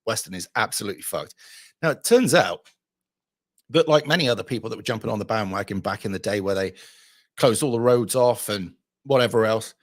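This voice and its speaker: A man's voice: on the low side, a little fast. Blunt, swearing man ranting. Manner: profane, blunt, storytelling with re-enacted dialogue. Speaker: channel host. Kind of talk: casual ranting vlog.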